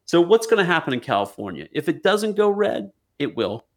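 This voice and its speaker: A man's voice: on the high side, sing-song, brisk. A man co-hosting a podcast, ranting casually with lots of swearing, jokes and restarts. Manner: profane, joking, rambling with restarts. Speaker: podcast co-host. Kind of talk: casual political chat.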